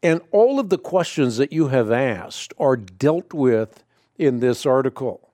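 A man hosting a call-in radio show, answering a caller in a measured, explanatory way and citing scripture. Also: mid-range voice, big pitch swings, dark tone, no echo, studio quality. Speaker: radio host answering Bible questions.

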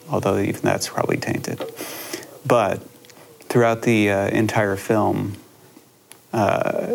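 A man talks about his work in a reflective, halting way, often restarting his sentences. His voice sits low and has a gravelly edge. A faint hiss runs under the recording. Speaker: filmmaker guest. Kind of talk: conversational interview.

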